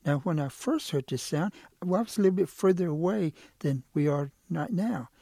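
A man's voice: fairly high pitch, expressive, normal speed, vocal fry, mellow, no echo, studio quality. A man doing a sly wheedling quail. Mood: coaxing. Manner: coaxing, wheedling. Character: sly smooth-talking male quail. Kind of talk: oral folk storytelling.

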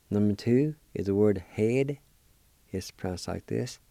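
A man hosting a weekly language lesson, spelling and pronouncing words slowly and repeating each syllable with care. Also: on the low side, gravelly, dark tone, no room sound. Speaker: language teacher and program host.

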